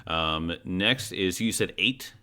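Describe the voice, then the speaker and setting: Deep bright-voiced man running a game. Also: lively intonation, takes it slowly. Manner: hesitant, many fillers and restarts. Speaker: game master. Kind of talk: guiding character creation in a tabletop game.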